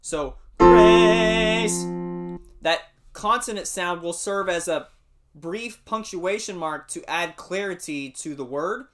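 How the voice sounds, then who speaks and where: A man teaching a singing warm-up lesson, explaining patiently and singing short demonstrations. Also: high-pitched, measured pace, faint music behind. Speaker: music teacher.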